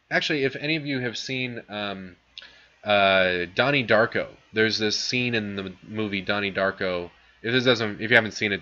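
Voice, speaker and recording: A man's voice: lowish voice, pushed and bright, muffled recording. A young man giving a casual philosophy lecture in a classroom, chatty, with many fillers and restarts.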